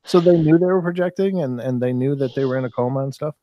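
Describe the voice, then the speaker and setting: A man's voice: mid-range voice, fast talker, lo-fi sound, a little hiss or hum. A man telling a paranormal story in casual chat, rambling and repeating words as he goes. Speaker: talk show participant.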